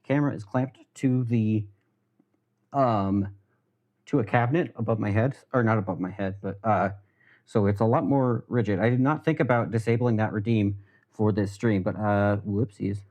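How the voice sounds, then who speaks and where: On a kitchen livestream, a young American man cooks and chats in a loose, self-deprecating ramble, with casual swearing throughout. His lowish voice is a little mellow at a moderate pace, and the highs are cut off on his headset mic.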